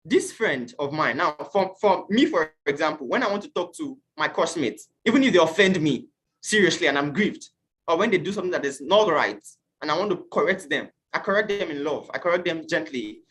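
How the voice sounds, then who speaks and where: A man's voice: a little high, lively intonation, fairly quick, a bit bright. Man, from Nigeria, online class teacher, earnest, asks questions. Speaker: youth teacher.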